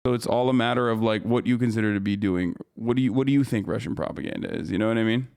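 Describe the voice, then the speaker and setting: A man's voice: on the low side, fast talker, creaky, a little mellow, clear, resonant tone. A man livestreaming casual commentary, ranting in an exasperated, profane way and rambling with frequent restarts. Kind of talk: casual live-stream commentary.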